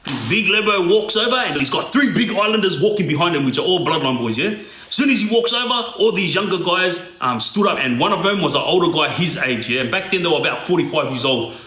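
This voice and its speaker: A man's voice: fairly high pitch, lively intonation, fast talker, sharp tone. A middle-aged man, casually telling a story and checking in with "yeah?". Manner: casual, asks "yeah?" often. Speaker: former gang member telling stories. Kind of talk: storytelling monologue. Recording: echoey room.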